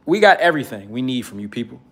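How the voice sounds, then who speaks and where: Guy doing a rambly profane commentary rant, lots of uh's, mid-pitched voice. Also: very animated, quick pace. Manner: rambling, many uh fillers, blunt and profane. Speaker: political commentator. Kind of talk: casual commentary monologue.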